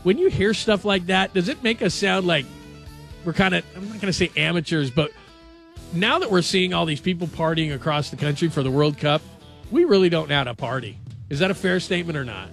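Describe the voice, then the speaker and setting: A male sports radio host in a radio studio, talking in a chatty, animated and jokey way. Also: sits high, fairly quick, vocal fry, soft background music. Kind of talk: casual sports talk.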